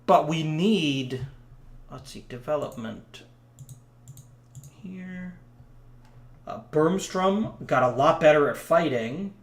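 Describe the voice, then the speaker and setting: A man's voice: on the high side, expressive, slow, long pauses, roomy sound. A man casually commenting on a hockey management game he is playing, rambling with frequent ums. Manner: chatty, rambling, lots of ums. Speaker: let's play commentator.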